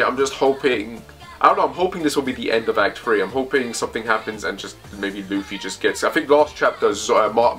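A man casually reacting to a comic chapter, thinking aloud in a rambling, excitable way as he reads it. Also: medium pitch. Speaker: manga reaction host.

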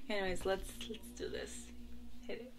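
A woman's voice: mid-range voice, steady tone, unhurried. A young woman chatting casually to camera in her bedroom, rambling and giggling between asides. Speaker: vlogger. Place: bedroom at home. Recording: music playing in the background.

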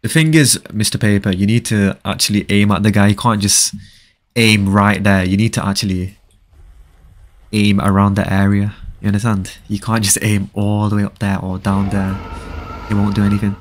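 Speaking at a moderate pace in a level, lowish voice, a livestream host runs a relaxed gaming stream, reading out chat messages, answering them, and casually repeating brief stock compliments.

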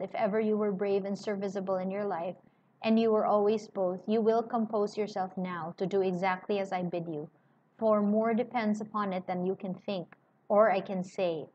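A woman's voice: darkish tone, natural voice. A woman voicing an anxious elderly male banker who fires off breathless questions. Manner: cries out in high, breathless questions. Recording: slightly muffled with faint hiss.

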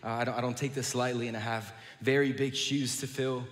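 Pastor preaching in a reverberant hall. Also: male voice, mid-range voice, steady tone, brisk. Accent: American South. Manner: repeats words and restarts, warm church greetings. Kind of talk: sermon. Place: large church sanctuary.

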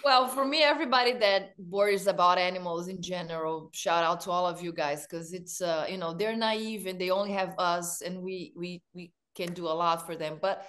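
A woman with a Brazilian Portuguese accent, a podcast guest chatting in an animated way and laughing often. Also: fairly low pitch, moderate pace, few pauses. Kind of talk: casual chat.

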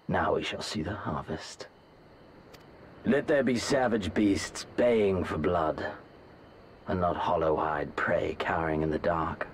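A haughty, contemptuous warlord prince. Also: male voice, sits low, a little hiss or hum. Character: arrogant bloodthirsty warlord prince, bored by weak foes. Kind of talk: video game cutscene voice acting. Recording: game music under the voice.

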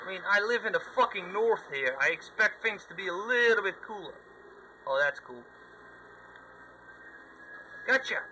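A man's voice: sits high, animated, normal speed, long pauses, sharp tone, a little hiss or hum, poor audio. A man commentating his gameplay in a sweary, sarcastic running rant at the game. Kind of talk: let's play commentary.

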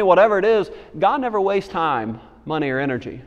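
A man's voice: high voice, sing-song, a little fast, hardly any pauses. A man who is a pastor preaching a sermon, telling a story and then urging his church with emphatic, repeated lines and frequent restarts. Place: church sanctuary. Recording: long hall reverb.

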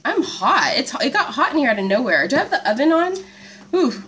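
A woman's voice: sits high, sing-song, brisk, a bit bright. A woman hosting a live homeschool stream from home, chatting casually, laughing often and reading out viewer comments on her phone. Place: at home, indoors.

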